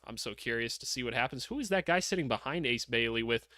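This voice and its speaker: A young man hosting a casual live reaction stream, excitable and loose, swearing and laughing as he talks. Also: medium pitch, quick pace, no echo. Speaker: livestream host.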